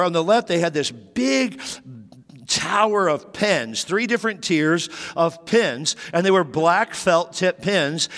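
A pastor telling a personal childhood story in his sermon, acting out the dialogue. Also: fairly bright tone. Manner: storytelling, acts out dialogue with raised pitch. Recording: long hall reverb.

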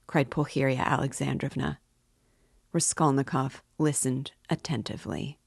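A woman host reads a classic novel aloud in plain, steady narration. Her voice is low-pitched. The sound is close and dry, with no room around it. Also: normal speed, vocal fry, slightly rough, dry recording. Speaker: book club reader. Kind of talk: audiobook narration.

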